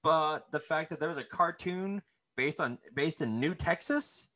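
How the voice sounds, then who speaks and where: Bright-voiced enthusiastic man. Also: on the high side. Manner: enthusiastic, quick reactions, halting restarts. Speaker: podcast co-host. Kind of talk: casual chat.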